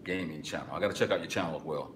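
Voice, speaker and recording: A man hosting a live music-business webinar, reading chat and answering casually, with sudden excited bursts between relaxed stretches. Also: racing. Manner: excitable bursts, then drops low and relaxed. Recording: echoey room, faint background noise.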